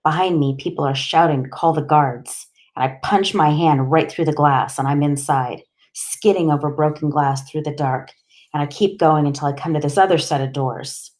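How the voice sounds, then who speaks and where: A woman narrating a first-person audiobook in a plain, steady storytelling manner. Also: low voice, normal speed.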